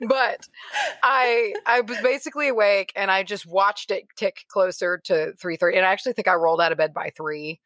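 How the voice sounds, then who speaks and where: A woman's voice: medium pitch, fairly even intonation, fairly quick, fairly bright tone, no room sound. A woman co-hosting a podcast in casual chat, wry and talkative with frank swearing. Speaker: podcast co-host.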